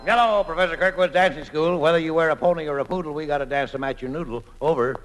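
A man playing a shady, fast-talking dance professor in a 1940s radio comedy, with wisecracking, giggly patter. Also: on the high side, fairly bright tone, faint music behind, natural voice, poor audio.

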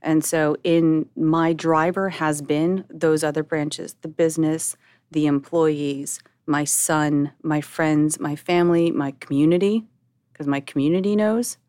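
A woman's voice: deep voice, fairly even intonation, measured pace, a little mellow, smooth, no echo. A middle-aged woman co-hosting a podcast, talking candidly and emotionally, often restarting her sentences as she searches for words. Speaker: podcast co-host.

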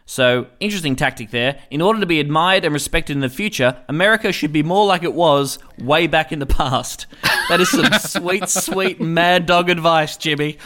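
Sarcastic man, slightly high voice. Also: normal speed, fairly bright tone. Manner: sarcastic, mock-earnest, chuckling through jokes. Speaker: satirical podcast host. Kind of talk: satirical comedy commentary.

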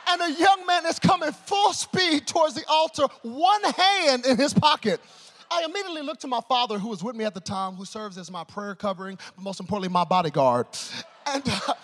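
A man preaching a sermon, telling a humorous story and swinging between loud excitement and hushed tones. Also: very high-pitched, normal speed, big-room sound.

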